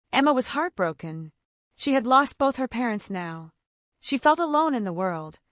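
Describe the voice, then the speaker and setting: A woman narrating an emotional story in a measured, heartfelt way. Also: mid-range voice, no echo, studio quality.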